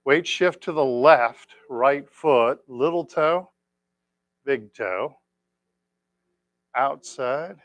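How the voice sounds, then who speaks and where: A man teaching tai chi, calmly calling out each move and counting the steps for his class. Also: medium pitch, no echo. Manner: calm, counting out moves slowly. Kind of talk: leading an exercise class. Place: exercise class room.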